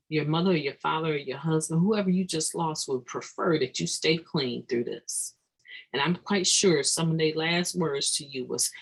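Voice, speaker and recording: A recovery meeting speaker giving an earnest, reflective daily meditation talk, halting and restarting mid-thought with sudden emphatic bursts. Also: mid-range voice, slightly rough, rough recording.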